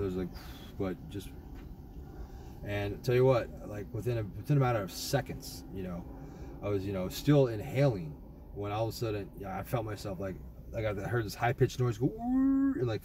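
A young man vlogger with a lowish voice casually rambles through a trip report, swearing often and filling his talk with fillers and restarts. Background noise can be heard.

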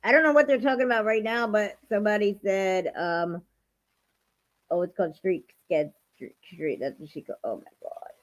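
A woman's voice: medium pitch, moderate pace. A woman reacting to a livestream clip with blunt, profane asides. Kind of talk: casual reaction commentary.

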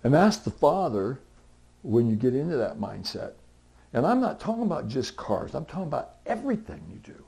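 A middle-aged man gives a folksy sermon full of homespun stories. His voice sits at a medium pitch. He keeps slipping into the voices of the people he talks about, and at times he rises into loud, high-pitched pleading before easing back down. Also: sing-song, a little fast, vocal fry. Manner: conversational storytelling, voicing other people in dialogue; swings to loud, high, pleading outbursts for emphasis. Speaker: pastor.

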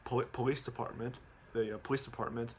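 A man's voice: medium pitch, fairly even intonation, fast talker, slight background noise. A man casually recapping a movie at home, stumbling over his words with lots of ums and repeats.

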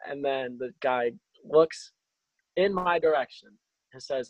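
A young man sharing a personal faith testimony over a video call, halting, with many restarts and fillers. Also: medium pitch, dry recording, low-quality recording. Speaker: testimony speaker.

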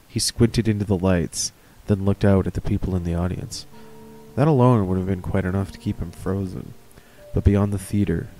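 A man's voice: sits low, warm tone. A man reading a horror story aloud, with casual, chatty asides. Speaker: reader of stories.

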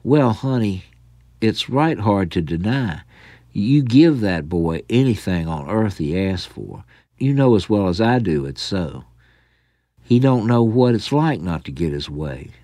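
A man voicing a plainspoken older grandmother, gentle and matter-of-fact. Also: on the low side, animated, measured pace, no room sound, clean studio sound.

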